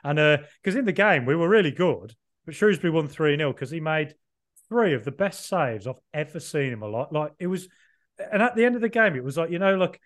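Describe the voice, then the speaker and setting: A man's voice: a little high, expressive, fairly quick. A young man from the UK co-hosting a podcast, teasing his co-host and laughing a lot. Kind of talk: casual chat.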